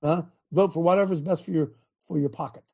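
A man's voice: a little high, steady tone, a little fast, gravelly, mellow, slightly rough. An older man preaching a sermon in a fiery way, firing rhetorical questions at his congregation.

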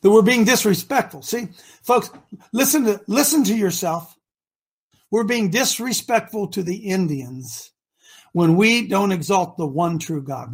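A man's voice: sits high, breathy edge. Emphatic, preachy male talk show host. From Ohio. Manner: emphatic and preachy, swinging between shouting and mutters.

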